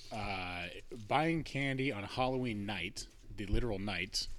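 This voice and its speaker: A man's voice: lowish voice, unhurried, fairly bright tone, a little hiss or hum. A man hosting a casual podcast chat outdoors at night, telling rambling, profanity-laced stories. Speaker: podcast host.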